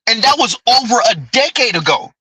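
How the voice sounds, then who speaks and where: Guy with a really high bright voice, kinda husky, cussing and venting on his podcast. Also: very animated, fairly quick, dry recording, poor audio. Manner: profane, exasperated ranting. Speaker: podcast host. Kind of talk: casual podcast commentary.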